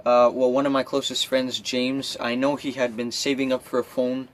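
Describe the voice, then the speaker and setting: A man's voice: mid-range voice, flat delivery, normal speed, a little hiss or hum, low-quality recording. A young man from Quebec vlogging from a camper at night, telling a story nervously with lots of fillers and restarts. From Quebec, Canada. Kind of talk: casual vlog storytelling. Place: outdoors.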